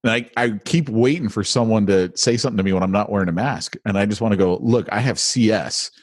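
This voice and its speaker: A man's voice: on the low side, quick pace, dry recording, studio quality. A man co-hosting a podcast, telling stories bluntly in casual chat with irritated asides. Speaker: podcast co-host.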